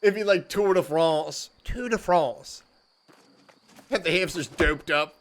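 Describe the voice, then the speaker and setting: A man's voice: a little high, slow pace. A man hosting a livestream, chatting casually with viewers in a jokey way and laughing often. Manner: jokey, laughs often, says "dude" and "frickin'". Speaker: livestream host.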